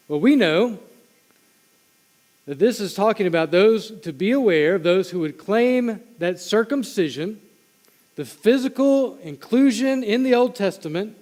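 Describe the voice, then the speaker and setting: Guy preaching in church, chatty with the crowd, high voice, long echo. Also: darkish tone. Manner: conversational preaching with asides to the congregation. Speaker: pastor. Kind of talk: sermon. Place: church sanctuary. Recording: long hall reverb.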